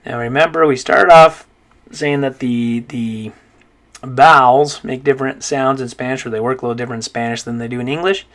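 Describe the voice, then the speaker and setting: A man giving a recorded pronunciation lesson in a patient, mid-pitched voice. He stretches out each practice word and repeats it, checking in often with "okay?". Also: steady tone, fairly quick, fairly bright tone. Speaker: Spanish teacher.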